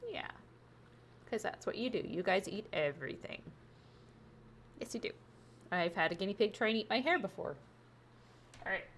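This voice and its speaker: A woman's voice: medium pitch, animated, moderate pace, pauses often, slight background noise. A woman chatting casually on a live game stream through a wireless headset, bubbly and talkative, cooing now and then at her pet.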